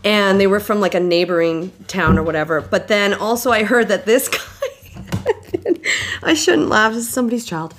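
A woman guest telling a story in a casual chat, animated, swearing casually and laughing often. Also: medium pitch, normal speed.

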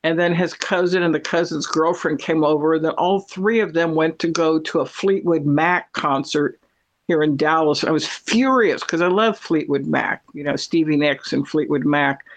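A middle-aged woman telling a story in casual chat, chatty and animated, laughing often. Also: deep voice, normal speed. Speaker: cat owner telling a story.

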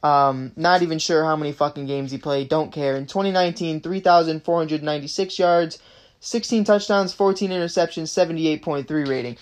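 Young sports podcaster in their twenties, mid-range voice, venting angrily with nonstop cursing. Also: mid-range voice. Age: 20s. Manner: frustrated, swears constantly, rapid fan rant. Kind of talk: casual sports podcast rant.

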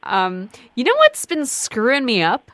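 A woman on a gaming podcast panel, chatting animatedly in quick bursts and laughing often. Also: on the high side, huge pitch swings, a bit bright, dry recording. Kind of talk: casual chat.

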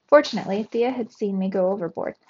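Brief: teacher reading a children's story aloud, expressive, mid pitch, slightly dull lo-fi recording. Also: female voice, fast, husky. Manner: lively expressive read-aloud narration.

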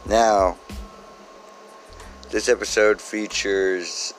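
Slow, very low-voiced deadpan man. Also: soft background music, low-quality recording. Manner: absurd, deadpan, digressive. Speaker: podcast host. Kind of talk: rambling comedic monologue.

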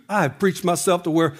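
High-voiced preacher man, shouting and chanting. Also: breathy edge. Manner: preaching, rising to shouts and sung cadences. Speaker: pastor. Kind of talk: sermon.

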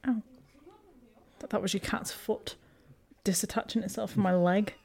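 Chatty co-host woman in a casual watch-along podcast. She laughs easily and tosses out quick asides in an ordinary mid-pitched voice. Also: steady tone, gravelly, a little mellow.

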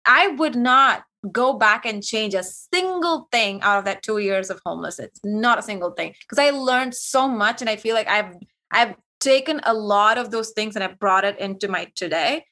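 A young adult woman from Kuwait, a podcast guest telling her personal story in a lively way, acting out quoted dialogue. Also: mid-range voice, normal speed. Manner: animated, acts out quoted dialogue.

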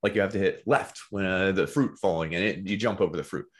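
Co-host, young man, Philly accent, lowish voice, playful and jokey. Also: breathy edge. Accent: Philadelphia. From Philadelphia. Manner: playful, wordplay, quick laughs. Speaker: podcast co-host. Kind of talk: casual podcast banter.

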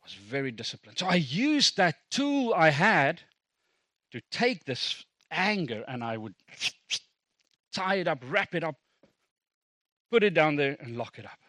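A man's voice: a little high, very animated, unhurried, pauses often, pushed and bright, dry recording. Man, South African accent, Afrikaans native, middle-aged pastor, sermon, conversational asides, dry recording. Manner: conversational, self-deprecating, with asides to the congregation.

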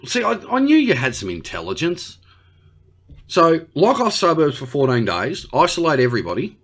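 An Australian man doing a brash, slangy one-sided comedy conversation with an unheard partner. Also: mid-range voice. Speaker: comedy podcast host.

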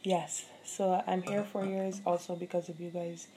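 A woman's voice: lowish voice, flat delivery, moderate pace, mellow, a little hiss or hum. A young adult woman hosting her own podcast, telling a story in a candid, profane, chatty way with lots of fillers. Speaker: podcast host. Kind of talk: casual solo podcast storytelling.

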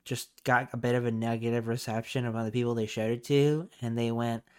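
A man's voice: mid-range voice, level tone, a little fast, clear, resonant tone. A man hosting a casual podcast, rambling with lots of fillers and swearing freely. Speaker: podcast host.

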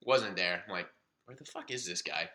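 A man's voice: low voice, moderate pace. A young man co-hosting a casual podcast, telling a story with lots of swearing and acted-out quotes. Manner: animated, swearing, acts out quoted dialogue. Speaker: podcast co-host.

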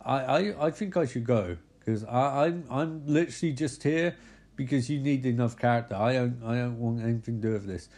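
A man's voice: medium pitch, normal speed, a little mellow, close to an everyday voice. A man voicing a nervous woman friend who stammers and wants to leave. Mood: uneasy. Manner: stammering, uneasy.

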